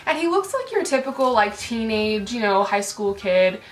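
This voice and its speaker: A woman vlogger tells a story as an indignant rant, swearing and leaning on fillers. Her voice sits a little high. The room adds a clear echo, with faint music underneath. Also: big pitch swings, moderate pace.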